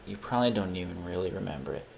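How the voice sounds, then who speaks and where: A man's voice: low voice, expressive, rapid-fire, creaky, background noise. A young man chatting casually on a live stream while he plays games, rambling, swearing freely and poking fun at himself. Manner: rambling, profane, self-mocking.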